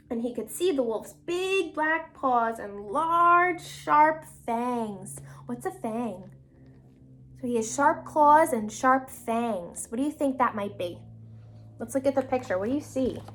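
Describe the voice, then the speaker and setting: A woman teacher reads a storybook to her class with dramatic, animated delivery, pausing to quiz the children. Her voice is high and very lively, with wide sweeps in pitch, and she slows down and drops to a whisper for suspense. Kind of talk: reading a storybook aloud to a class and asking questions.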